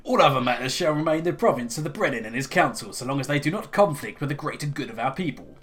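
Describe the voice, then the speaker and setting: A man voicing a smooth-talking emissary in a game, with a put-on accent and a formal, persuasive manner. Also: medium pitch, animated, quick pace, a bit bright, slight background noise, natural voice. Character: smooth-talking male emissary of a dark wizard. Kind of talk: reading game dialogue aloud in character.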